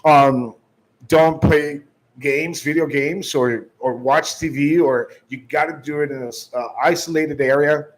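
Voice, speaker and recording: A man's voice: fairly high pitch, fairly even intonation, unhurried, poor audio. A man giving sales training, emphatic, restarting often and shifting his tone and volume to demonstrate.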